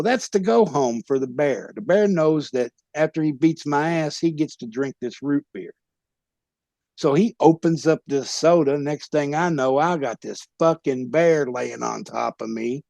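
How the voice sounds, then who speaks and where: A former pro wrestler telling a rowdy, profane story as a podcast guest. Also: male voice, a little high, gravelly, no room sound. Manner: profane, loud tall-tale telling. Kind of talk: animated comic storytelling.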